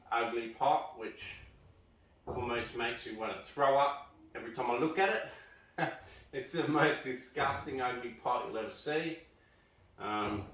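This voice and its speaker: A man with an Australian accent chats loosely and pokes fun at himself as he works through his trees. His tone is bright and forward. The sound bounces around the room, and the mic sits some way off. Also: medium pitch. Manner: chatty, rambling, self-mocking. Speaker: bonsai vlogger. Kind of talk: casual how-to vlog. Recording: echoey, mic at a distance.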